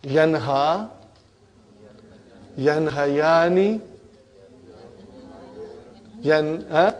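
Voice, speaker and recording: A man's voice: fairly high pitch, drawn-out words. A man teaching grammar in a lesson, drilling verb forms and checking in with "huh?" and "okay?", calling his student brother. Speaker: Arabic teacher.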